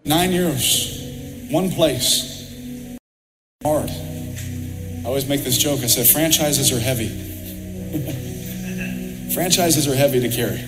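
A man's voice: mid-range voice, slow pace, long pauses. A man giving an impassioned church testimony with a fervent, preaching cadence. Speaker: athlete speaking at church. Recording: echoey hall with music behind.

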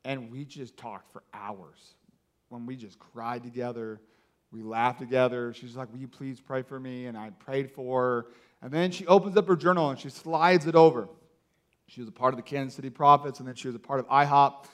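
A man preaching a sermon, telling a story in a casual, filler-heavy way and acting out the people in it with loud outbursts. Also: medium pitch, normal speed. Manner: animated, acts out quotes with loud outbursts.

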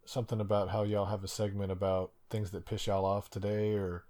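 A man speaks casually as a podcast guest, relaxed and a little halting. His voice sits somewhat low. He often restarts his words.

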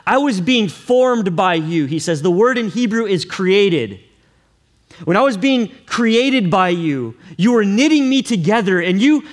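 A man's voice: high-pitched, expressive, a little slow. A man preaching a sermon as a pastor, earnest and repetitive, often putting questions to his congregation.

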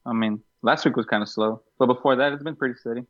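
A man's voice: medium pitch, steady tone, quick pace. A man chatting casually on a podcast, laid-back and rambling about work. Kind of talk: casual chat. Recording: slightly dull lo-fi sound.

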